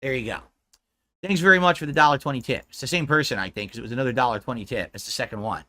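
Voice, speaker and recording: A man's voice: medium pitch, racing, bright, forceful tone. A man livestreaming, ranting in a profane, mocking, combative way.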